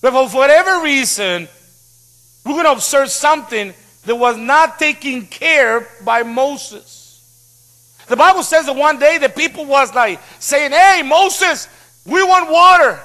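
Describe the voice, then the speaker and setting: A middle-aged male pastor telling stories in a sermon, animated with playful asides. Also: very high-pitched, a little slow. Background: piano music.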